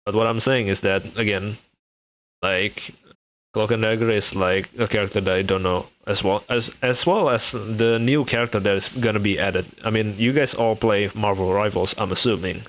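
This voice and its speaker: A man's voice: fairly low pitch, steady tone, normal speed, fairly bright tone. A young man from Indonesia chatting casually with his live-stream viewers, laughing often and restarting his sentences.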